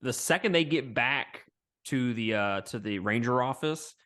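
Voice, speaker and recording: A man's voice: medium pitch, expressive, unhurried, a bit bright. A man co-hosting a podcast, chatting bluntly about a film and laughing often. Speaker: podcast co-host. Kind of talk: casual movie review chat.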